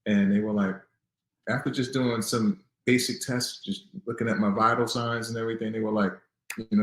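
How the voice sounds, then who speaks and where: Man, 30s, from Newark, lowish voice, earnest storytelling, roomy echo. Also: level tone, moderate pace. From Newark, New Jersey. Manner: earnest storyteller, grows heated and defiant. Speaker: guest. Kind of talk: personal story in an interview.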